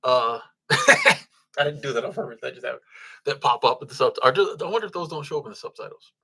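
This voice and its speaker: A man's voice: medium pitch, sing-song, quick pace, vocal fry, pushed and bright, breathy edge. A man, hosting a casual livestream, reading viewer comments and thanking supporters in a laid-back, chuckling way with lots of ums and restarts. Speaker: livestream host.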